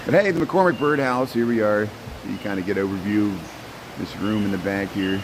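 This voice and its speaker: Narrating a laid-back walk through a zoo birdhouse, a male vlogger talks to the birds, repeating phrases and trailing off often. He has a lowish voice at normal speed, with noise in the background.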